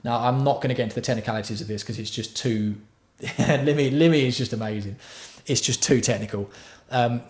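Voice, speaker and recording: Bloke teaching beats on a livestream, chatty and sweary, mid-pitched voice, talks back to chat. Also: male voice, brisk. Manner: chatty, swears freely, answers viewer chat. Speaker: livestream host teaching music production. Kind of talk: casual livestream tutorial.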